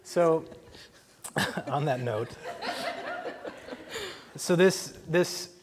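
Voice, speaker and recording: Slow, hesitant speaker sharing a story. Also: medium pitch, slight background noise. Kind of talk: personal testimony.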